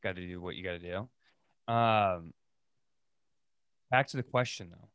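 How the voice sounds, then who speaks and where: Casual podcast host, male, lowish voice, dry close sound, rambling and relaxed. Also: a little slow, clear, resonant tone, no room sound. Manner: laid-back, rambling with many fillers. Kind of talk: casual chat.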